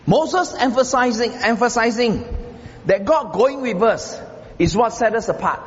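A man preaching a sermon as pastor, emphatic and repetitive, swinging from loud stressed phrases to low murmurs. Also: lively intonation, unhurried. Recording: dull roomy hall sound with faint background noise.

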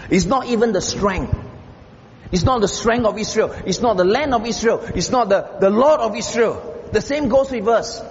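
A man preaching a sermon as pastor, emphatic and repetitive, swinging from loud stressed phrases to low murmurs. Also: moderate pace. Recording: dull roomy hall sound with faint background noise.

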